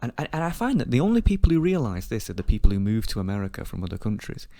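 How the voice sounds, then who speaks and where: Man, podcast host, swings his pitch a lot, swears, dry close sound. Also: big pitch swings, rapid-fire, vocal fry, mellow, no echo. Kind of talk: casual opinionated chat.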